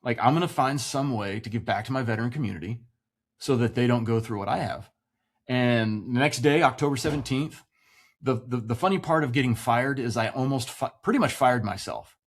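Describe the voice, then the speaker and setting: Brief: man in his 40s, veteran podcast guest, animated storyteller, salty and casual. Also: medium pitch, brisk. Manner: animated, swears freely, acts out quoted voices.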